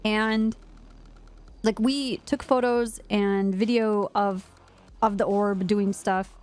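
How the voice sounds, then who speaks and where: A woman's voice: mid-range voice, slow pace, faint music behind. A woman streaming a roleplay game, telling a story in character in a casual way, full of "like" and swearing. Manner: animated, lots of "like", frequent swearing.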